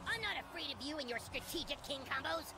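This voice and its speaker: Actors voicing bratty cartoon boys playing at medieval knights in a game, shouty and boastful. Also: male voice, very high voice, lively intonation, quick pace, very noisy. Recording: loud game music behind.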